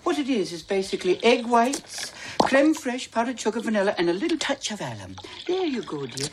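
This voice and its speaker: A man's voice: extremely high pitch, big pitch swings, fairly quick, noisy background. A man playing a fussy elderly Scottish nanny in a film, talking theatrically. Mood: flustered. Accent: put-on Scottish.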